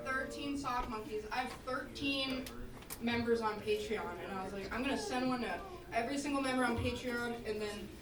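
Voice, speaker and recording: High-voiced woman rambling on stage. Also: brisk, crowd noise. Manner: rambling, swearing, correcting herself mid-story. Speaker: musician performing a live set. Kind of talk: casual stage banter between songs. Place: small live music venue. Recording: echoey room, far from the mic, music.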